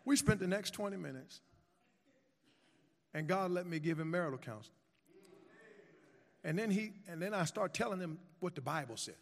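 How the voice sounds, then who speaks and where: Male pastor, sermon, emphatic and repetitive, slightly high voice, long reverb. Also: lively intonation, moderate pace, gravelly, pauses often. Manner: emphatic, repetitive preaching that swings between soft storytelling and loud exhortation. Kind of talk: sermon with storytelling.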